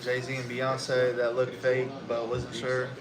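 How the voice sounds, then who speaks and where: A man co-hosting a casual chat, relaxed and asking questions with some swearing. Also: medium pitch, slow, crowd noise, poor audio. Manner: laid-back, swears, asks questions.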